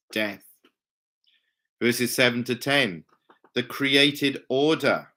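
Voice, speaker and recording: Slow, emphatic male preacher. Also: fairly bright tone. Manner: slow, emphatic teaching with wide pitch swings. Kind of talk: Bible study sermon.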